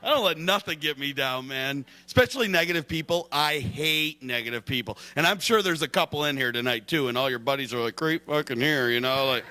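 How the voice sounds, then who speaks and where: A young man from Michigan doing a stand-up comedy set in a club, hyper, loud and crude, laughing at his own jokes. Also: mid-range voice, fairly quick, hardly any pauses.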